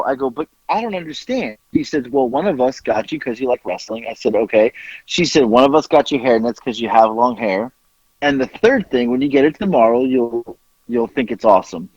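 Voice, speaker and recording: A man's voice: mid-range voice, expressive, brisk, slightly rough, no room sound, muffled recording. A man telling a story in casual chat as podcast co-host, acting out the quoted voices as he goes.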